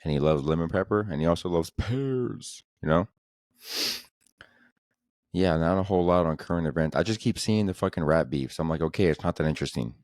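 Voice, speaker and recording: A man's voice: deep voice, expressive, moderate pace, darkish tone, dry recording, clean studio sound. A young man hosting a solo comedy podcast, talking in a crude, sarcastic, rambling way. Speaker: podcast host.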